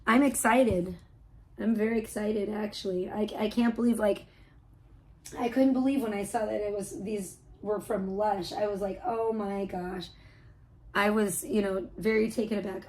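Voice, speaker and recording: A woman streaming live from her home and talking casually to her chat. She rambles and restarts her sentences, and her ordinary voice sits at a middle pitch. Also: fairly even intonation, normal speed, darkish tone, poor audio. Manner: rambling, chatty, full of fillers and restarts.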